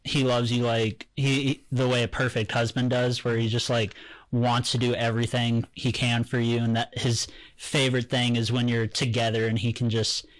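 A man's voice: mid-range voice, little pitch movement, moderate pace, no echo, poor audio. A man on a casual faith podcast, talking in a wry, reflective way. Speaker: podcast co-host.

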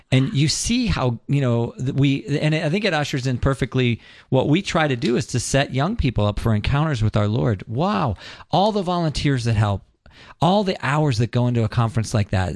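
A man's voice: medium pitch, expressive, normal speed, a little mellow, no room sound. Man telling an earnest story, dry sound. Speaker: guest. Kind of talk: storytelling on a radio talk show.

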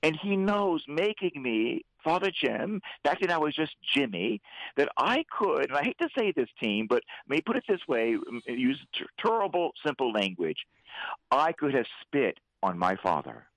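A priest hosting a Catholic radio show, preaching fervently and leading prayer. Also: male voice, fairly high pitch, normal speed, no echo, low-quality recording. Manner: fervent, preacherly, animated when voicing God. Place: radio studio.

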